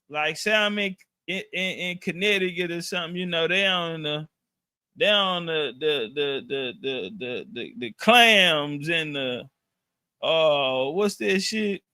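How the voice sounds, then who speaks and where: A man spins a casual, slang-heavy story with plenty of profanity and restarts. His voice sits high and bright, and he talks at an easy, slow pace. The sound is dry and close, with no room in it. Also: smooth, dry recording.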